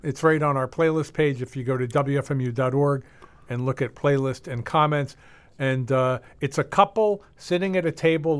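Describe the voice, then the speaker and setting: A man's voice: mid-range voice, clear, resonant tone. A man hosting a radio show, speaking in an easygoing, matter-of-fact way and explaining things plainly. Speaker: radio host. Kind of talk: casual radio banter.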